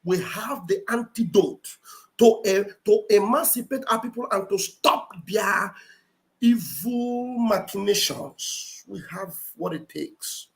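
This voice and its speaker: A man hosts a commentary livestream, preaching in an emphatic and repetitive way. His voice sits high for a man, and he speaks into a computer mic. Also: slow pace, creaky. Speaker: livestream host and political commentator. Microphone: computer mic on a live stream.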